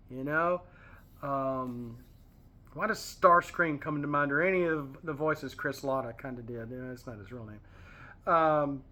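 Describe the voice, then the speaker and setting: A man leads a casual Bible study, reading verses aloud and wandering off into chatty asides and pop-culture references. His voice sits a little high for a man. The tone is bright and forceful.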